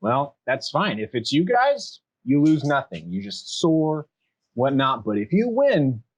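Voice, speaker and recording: A man's voice: mid-range voice, big pitch swings, a little slow, voice pushed up, poor audio. A man voicing a dashing, cocky male tiefling brawler in a tabletop game, smug and showy as he lays down a challenge.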